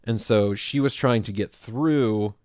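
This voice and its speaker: A man with a fairly low voice tells a rambling story on a podcast. He acts out the quoted lines and laughs a lot. The sound is dry and close to the mic. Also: takes it slowly, a little mellow, no room sound. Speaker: podcast co-host. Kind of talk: casual storytelling chat.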